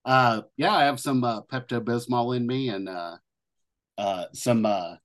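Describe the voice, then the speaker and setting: A man's voice: medium pitch, a little slow, fairly bright tone. A young man co-hosting a casual comedy podcast, laid-back and laughing often. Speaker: podcast co-host.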